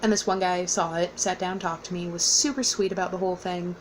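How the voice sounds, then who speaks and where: A woman's voice: on the low side, steady tone, fairly quick, slight background noise, rough recording. A young woman casually telling a personal story, rambling with fillers and laughing often. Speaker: vlogger.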